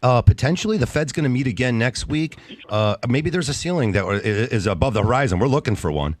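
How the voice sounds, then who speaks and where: Brief: male talk radio host, lively and quick, dry close mic. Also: mid-range voice, dry recording. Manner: energetic, folksy, plugs sponsors. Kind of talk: radio business talk show.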